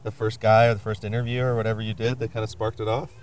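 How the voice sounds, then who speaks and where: Man, podcast host, rapid talker, lower voice, easygoing questions. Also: flat delivery, a little mellow, slight background noise. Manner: quick, loose questions with fillers. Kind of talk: casual interview.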